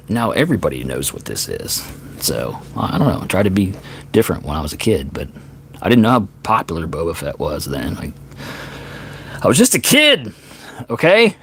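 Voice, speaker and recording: A man's voice: low voice, gravelly, slightly rough. A man in his fifties, a singer-songwriter hosting a livestream, chatting casually and rambling, often correcting himself mid-sentence. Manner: rambling, self-correcting storyteller.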